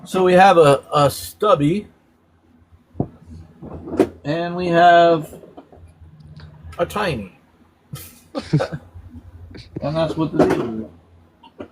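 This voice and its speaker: A man with a fairly high voice hosts a relaxed live stream. He walks through slang words one after another, animated and quick to laugh. A faint hum of room ambience sits behind him. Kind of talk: casual live-stream chat.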